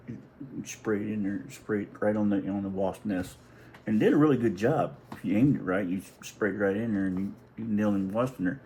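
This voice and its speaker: A man's voice: lowish voice, a little mellow, slight background noise, rough recording. A middle-aged man telling a family story in a casual, rambling, folksy way, restarting often and swearing now and then. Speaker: vlogger.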